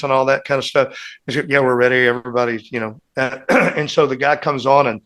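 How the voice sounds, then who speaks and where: A man's voice: mid-range voice, fairly even intonation, moderate pace, a bit bright. A man on a casual podcast, telling long, rambling band anecdotes as a guest musician and acting out what others said.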